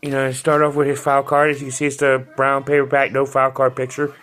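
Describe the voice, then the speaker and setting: A man's voice: medium pitch, monotone, quick pace, a bit bright, soft background music. A man in a casual review, chatting as he reads from a toy's card and brushing off his own stumbles over words. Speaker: toy collector reviewing an action figure.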